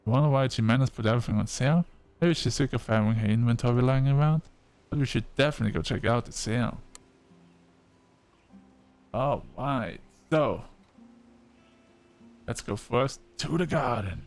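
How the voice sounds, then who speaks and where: A chatty man gives relaxed commentary while he plays a video game, reading on-screen dialogue aloud as he goes. His voice sits at a middling pitch, with soft music faintly behind him. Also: moderate pace, long pauses. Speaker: gaming video creator. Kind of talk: casual let's-play commentary.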